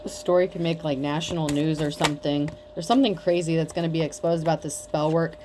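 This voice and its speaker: A woman's voice: deep voice, steady tone, fast, background noise. Blunt, foul-mouthed tarot-reading woman. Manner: blunt, profane, mocking. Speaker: tarot reader. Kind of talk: casual tarot reading to camera.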